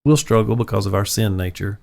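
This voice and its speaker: Pastor guy, kinda low voice, earnest storytelling on a casual chat show. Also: fairly quick, creaky, darkish tone. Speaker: pastor and podcast host.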